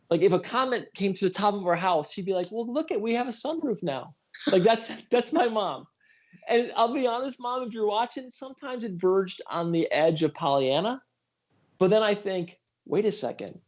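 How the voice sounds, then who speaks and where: A middle-aged man with a high, a little mellow voice hosts a casual livestream as a political candidate from Western New York. Earnest stories come with apologies for running long and self-deprecating asides.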